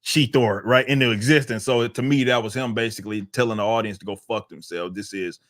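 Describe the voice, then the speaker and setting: A man's voice: lowish voice, fairly even intonation, brisk, fairly bright tone, no echo, studio quality. A man co-hosting a casual podcast, talking in loose, rambling runs and laughing often. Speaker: podcast co-host.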